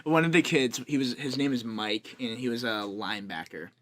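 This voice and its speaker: A young man in easy podcast banter, his voice sitting at an ordinary middle pitch. He rambles through stories with loose fillers, laughs a lot and swears without a second thought, talking into a headphone-and-mic setup. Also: normal speed, background noise. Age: young adult. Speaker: podcast co-host. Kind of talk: casual chat.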